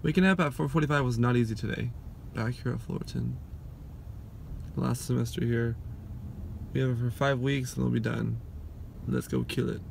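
A man's voice: medium pitch, steady tone, moderate pace, vocal fry, pauses often, slight background noise. A young man in his twenties, a college student vlogging in a chatty, upbeat way and talking straight to his viewers. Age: 20s. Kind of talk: casual vlog chat.

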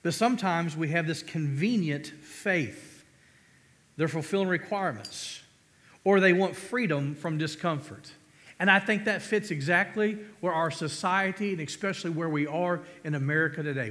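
A man's voice: on the high side, normal speed, fairly bright tone. A man pastor preaching a sermon, emphatic, asking the congregation questions and calling for amens. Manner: emphatic preaching, rhetorical questions, calls of amen. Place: church sanctuary. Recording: long reverb of a church hall.

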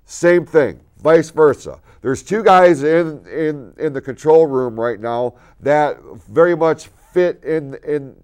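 A man's voice: on the high side, takes it slowly, hardly any pauses, a little mellow, clear, resonant tone. A man hosting a local TV talk show, giving an earnest motivational talk in the studio that builds to emphatic points.

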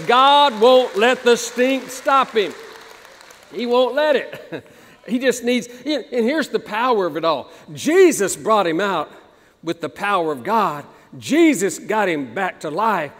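A man's voice: sits high, long reverb tail. A male pastor preaching a sermon, emphatic and repetitive, building to fervent appeals in a church. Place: church sanctuary.

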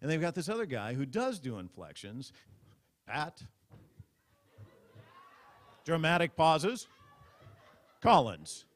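Man doing stand-up on stage, fairly high voice, theatrical storyteller. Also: slow pace, pauses often. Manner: animated, mock-dramatic storytelling. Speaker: comedian at a press club roast. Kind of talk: stand-up comedy. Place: stage before a live audience.

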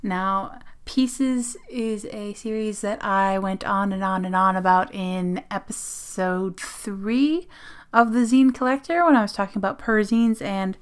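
A woman from Australia chatting casually at her desk as she opens mail on her phone camera, gushing, giggling and sometimes dropping to a whisper. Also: mid-range voice. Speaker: zine vlogger. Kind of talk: casual unboxing chat. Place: home desk.

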